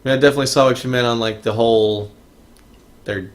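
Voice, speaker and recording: A man's voice: medium pitch, fairly even intonation, fast. A man co-hosting a podcast, chatting casually about movies with frequent restarts and fillers. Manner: rambling, many restarts and fillers. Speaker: podcast co-host. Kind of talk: casual movie review chat.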